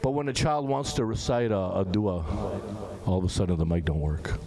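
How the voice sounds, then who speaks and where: A young man giving an informal sermon to a large gathering, talking to the audience in a conversational way and asking them questions. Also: a little fast. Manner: conversational, asks the audience questions, animated rises in pitch. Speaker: speaker at a Muharram gathering. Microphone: handheld microphone. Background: crowd of listeners.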